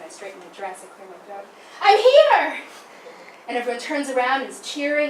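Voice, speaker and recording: A young woman telling a funny childhood story about her brother's birth, acting out the big moments. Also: medium pitch. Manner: animated, acts out big moments. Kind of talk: personal storytelling. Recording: roomy, distant mic, background noise.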